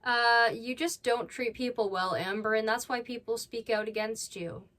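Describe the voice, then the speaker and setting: Woman commentary host, slightly high voice, blunt and scolding. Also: steady tone, normal speed, fairly bright tone. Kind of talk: reaction commentary.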